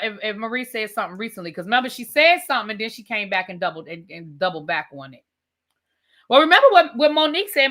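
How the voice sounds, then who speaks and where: Woman host, chatty and emphatic, bright and a touch high, casual live chat with viewers. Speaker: livestream host reviewing reality TV.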